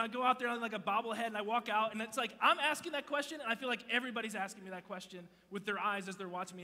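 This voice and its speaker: A man in his thirties giving a joking, animated youth sermon from a church stage, telling stories and interrupting himself. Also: high-pitched. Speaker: youth pastor. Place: large church auditorium stage. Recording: long hall reverb.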